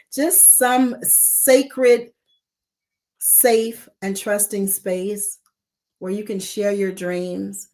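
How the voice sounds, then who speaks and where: A woman hosting a weekly live coaching talk, speaking in an expressive, emphatic way and repeating key words. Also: medium pitch. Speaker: coach trainer, host of a weekly live show.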